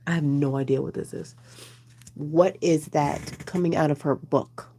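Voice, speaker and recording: A woman's voice: sits low, steady tone, a little slow, warm tone, a little hiss or hum. A woman doing a casual, rambling oracle card reading, chatting with her viewers as she goes. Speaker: tarot reader.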